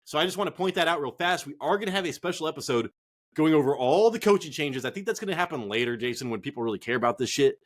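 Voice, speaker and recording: A man co-hosts a casual sports chat in a fairly high, lively voice that swings widely in pitch. He rambles, swears freely and gets worked up easily. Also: fast talker. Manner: profane, excitable, rambling. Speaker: fantasy football podcast co-host.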